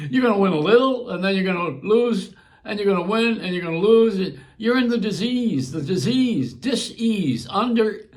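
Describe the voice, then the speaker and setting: An older man, a longtime radio host from Buffalo with a New York accent, rambling through a casual monologue and chuckling as he digresses. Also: high-pitched.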